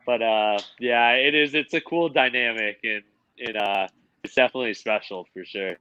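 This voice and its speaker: A man's voice: mid-range voice, moderate pace, pushed and bright, clear, resonant tone, no room sound, highs cut off. A man chatting casually on a live-stream watch party, mostly agreeing and adding short comments. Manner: agreeable, brief affirmations. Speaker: co-host or guest on a watch party.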